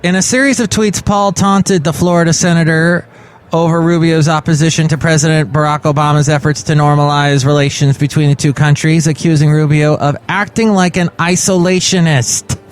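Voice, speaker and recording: A man hosting a podcast, riffing on the news in a jokey way with big swings in pitch. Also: steady tone, moderate pace, clear, resonant tone. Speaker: podcast host. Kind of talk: comic news commentary.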